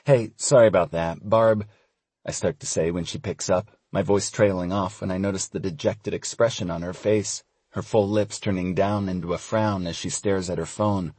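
A young man giving relaxed, wry first-person audiobook narration. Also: sits low, normal speed, few pauses, husky, no room sound.

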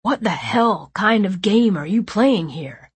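A raspy, furious young man, as a woman narrator puts him on, who hurls accusations loud and strained. His pitch climbs high above her own. The voice is breathy, and the room around it is dead dry. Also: slow pace, no room sound, full character voice. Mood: angry.

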